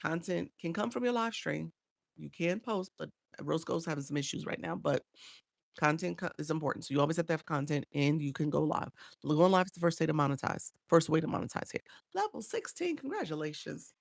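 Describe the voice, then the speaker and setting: A chatty woman with a gravelly, creaky edge to her voice coaches live streamers and answers viewers by name. She repeats her points as she goes. The sound is dry and close, recorded on a phone. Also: deep voice, expressive, a little fast, dry recording.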